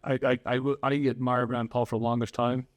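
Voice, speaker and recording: Brisk and mid-range, this man's voice shows little pitch movement as he hosts a podcast. He chats about politics casually but earnestly, voicing strong opinions, and switches into Spanish to interview.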